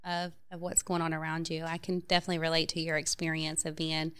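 A woman's voice: sits low, completely flat delivery, quick pace, fairly bright tone, clear, resonant tone. A woman from Tennessee and Virginia hosting an interview, agreeable and chatty with frequent fillers. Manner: friendly, agreeable, many fillers. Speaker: interviewer, host. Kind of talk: conversational interview.

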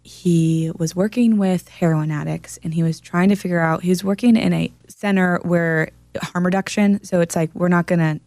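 A woman's voice: fairly low pitch, fairly even intonation, normal speed, darkish tone, no room sound. A woman chatting on a podcast, telling a story in an earnest, explaining way. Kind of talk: casual chat.

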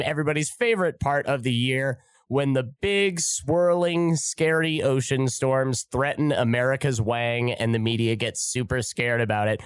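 A man's voice: medium pitch, a little slow, hardly any pauses, smooth, no echo. A man hosting a podcast, delivering a sarcastic, flippant, profane comedic monologue. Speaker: podcast host.

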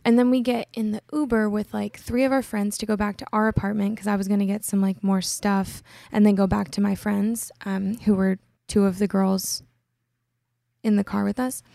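A woman's voice: medium pitch, little pitch movement, normal speed, gravelly, dark tone, no echo. A young adult woman hosting a podcast, telling a personal story in a casual, chatty way full of "like" fillers. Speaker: podcast host.

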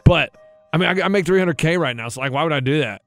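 A man's voice: fast talker, fairly bright tone, faint music behind. A man co-hosting a casual podcast, retelling an overheard conversation and dropping his voice to mimic the people in it. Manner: retells overheard talk with lowered-voice impressions. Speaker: podcast co-host. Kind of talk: casual chat, storytelling.

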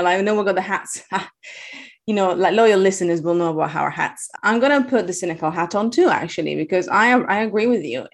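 A woman with an Italian accent, co-hosting a casual podcast chat and talking in animated, exasperated asides. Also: medium pitch. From Italy. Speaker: podcast co-host.

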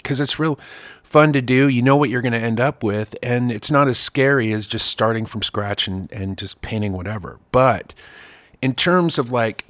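A man's voice: medium pitch, fairly bright tone, dry recording. A man hosting a casual chat and talking as a songwriter, rambling and self-deprecating with many restarts. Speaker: podcast host and songwriter.

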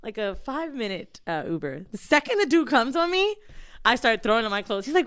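A woman's voice: fairly high pitch, quick pace. A young woman co-hosting a casual chat, telling explicit stories with lots of swearing and acted-out quotes. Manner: profane, animated storyteller acting out quotes. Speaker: podcast co-host.

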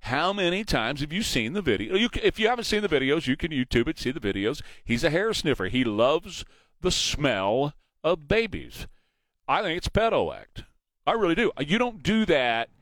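A man's voice: on the high side, big pitch swings, normal speed, a bit bright, dry recording. A man hosting a morning talk radio show, opinionated and mocking.

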